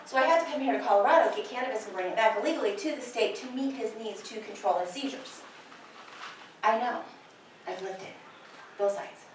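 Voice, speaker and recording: A middle-aged woman who is a nurse educator lectures fellow nurses with passion and a personal touch. Her voice is fairly high, and the recording catches her from far off in a very echoey large lecture hall, with slight background noise.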